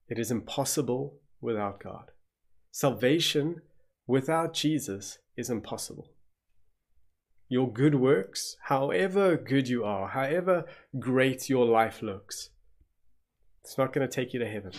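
A man's voice: mid-range voice, lively intonation, a little slow. A man with a South African accent preaching a sermon as pastor, telling the story vividly and acting out gasps of shock.

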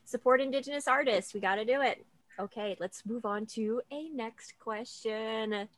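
A woman's voice: fairly high pitch, normal speed, no room sound. A woman podcast host asking questions in a playful, candid, casual way. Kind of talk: casual interview chat. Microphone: video call.

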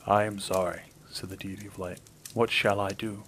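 A man voicing a stern, aging father deity of heaven in a storybook reading, speaking in a measured, commanding way. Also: lowish voice, level tone, a bit bright, a little hiss or hum, close to an everyday voice.

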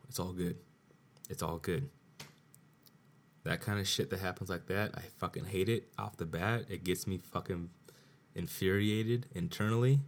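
A man's voice: low-pitched, creaky. A tipsy man hosting his own podcast, rambling in a profane solo rant that keeps repeating itself. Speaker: podcast host.

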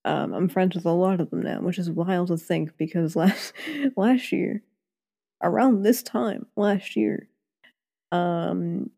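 A woman hosting a podcast in a relaxed, chaotic chat, laughing often. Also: fairly low pitch, slow, vocal fry. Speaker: podcast host. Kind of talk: casual chat.

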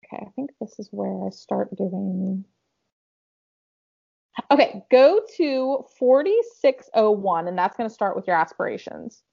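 A woman's voice: medium pitch, expressive, a little slow, creaky, mellow, slightly rough, highs cut off. A woman with a Southern American accent, co-hosting a podcast in casual chat, talking in a chatty way with lots of fillers. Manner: chatty, lots of "like" and self-talk. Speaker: podcast co-host.

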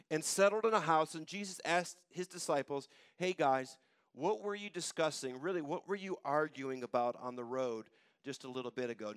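A male pastor delivers a sermon in a casual, conversational way, putting scripture into plain everyday speech. His fairly high voice swings from loud, urgent passages to hushed, low ones. The recording is dry and close, with little room sound. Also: no echo.

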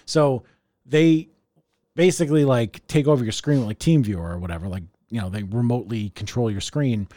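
A man's voice: mid-range voice, moderate pace, mellow, no room sound, clean studio sound. A man co-hosting a casual podcast chat, rambling through explanations with lots of fillers. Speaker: podcast co-host.

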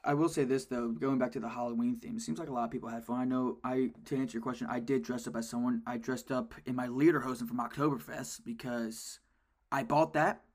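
A young man co-hosting a podcast in casual sports chat, telling stories with excited jumps in his voice. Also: fast. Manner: animated storyteller, jumps in pitch when excited. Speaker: podcast co-host.

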